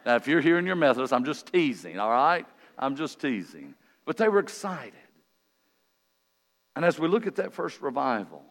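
A visiting male revival preacher gives a folksy, joking sermon, swinging from quiet asides to loud emphatic calls. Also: mid-range voice. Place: church sanctuary during an evening meeting. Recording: long reverb of a large church hall.

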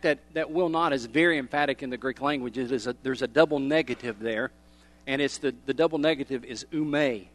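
A middle-aged man preaching a sermon as a pastor, emphatic, swinging between loud stresses and hushed, drawn-out phrases. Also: mid-range voice, soft background music.

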